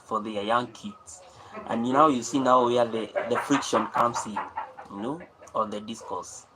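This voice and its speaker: Brief: male live host, lowish voice, loose rambling delivery, light room hum behind. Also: fairly bright tone, poor audio. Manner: rambling, repeats phrases, many fillers. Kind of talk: unscripted talk on saving.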